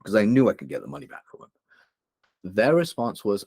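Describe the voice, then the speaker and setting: A man's voice: on the low side, big pitch swings, normal speed, long pauses, a little mellow, breathy edge, no room sound, studio quality. A young man from England, a podcast guest, telling a painful personal story openly and emotionally, rambling with many fillers. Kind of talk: candid interview storytelling.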